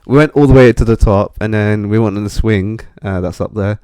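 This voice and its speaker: A man's voice: fairly low pitch, fairly quick, clean tone, no echo. A young man co-hosting a podcast, telling travel stories in casual chat and acting out the voices of people he quotes. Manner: animated storytelling, acts out quoted voices. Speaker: podcast co-host.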